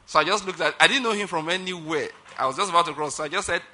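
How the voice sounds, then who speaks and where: A man's voice: on the high side, racing, sharp tone. A middle-aged man preaching a sermon emphatically, often checking that listeners follow his point. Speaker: pastor.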